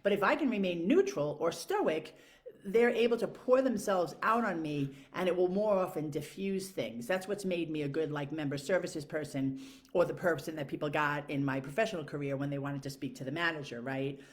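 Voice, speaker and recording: A woman's voice: sits low, normal speed. A woman talking casually to camera in a frank, profane, rambling way, full of fillers. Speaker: vlogger.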